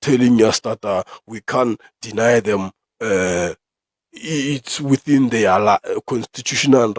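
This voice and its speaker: A man's voice: fairly low pitch, a little slow, no room sound. Young South African male podcaster, ranting and profane, dry close mic. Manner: ranting, profane, with sudden loud outbursts. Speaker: podcast host. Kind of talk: opinion commentary podcast.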